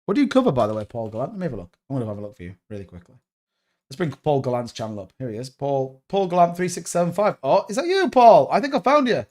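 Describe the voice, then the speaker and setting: A young man hosting a live crypto stream, talking excitably and rambling straight to his viewers. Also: on the high side, fast talker. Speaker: crypto channel host. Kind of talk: live-stream market commentary.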